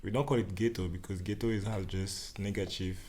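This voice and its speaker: The man's voice sits low, with a darkish, steady tone and a fairly quick pace. He's a dance organizer from the Central African Republic, guesting on a podcast for a casual interview chat, chuckling often and rambling loosely.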